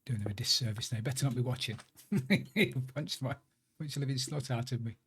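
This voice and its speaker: A man streams a video game with casual, chatty commentary, joking at his own expense. His voice is medium-pitched, fairly quick and a bit bright, with slight background noise.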